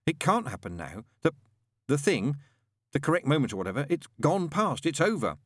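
A man's voice: a little high, big pitch swings, moderate pace, a bit bright, dry recording, clean studio sound, voice pushed up. A man reading aloud and voicing a cynical male demon with a sardonic, exasperated manner. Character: cool, cynical male demon, fraying under stress.

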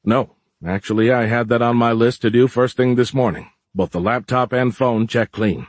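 A man voicing a gentle, energetic colleague who answers with hesitant caution. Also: medium pitch, moderate pace, no room sound, natural voice. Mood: hesitant, calm. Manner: hesitant, placating.

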